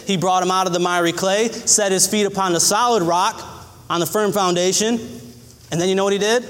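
A man's voice: sits high, a bit bright, in a large hall. A man preaching a sermon, earnest and folksy, who acts out little scenes as he speaks. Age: adult.

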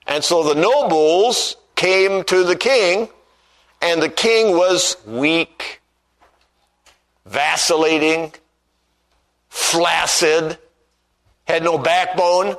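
A man's voice: a little high, very slow, pauses often, fairly bright tone, low-quality recording. A man preaching a sermon who tells stories and acts out the voices he quotes, and reads scripture in old-fashioned wording.

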